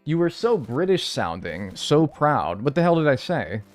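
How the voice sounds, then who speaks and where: Brief: male streamer, animated, swears freely, banters with chat, lively pitch, faint game music behind. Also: normal speed. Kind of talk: live gameplay commentary.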